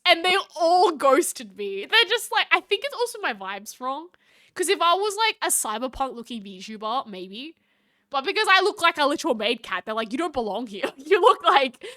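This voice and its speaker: A woman's voice: sits high, pushed and bright. A young Australian woman chatting casually on a live stream, giggly and reading chat aloud. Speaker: VTuber streamer.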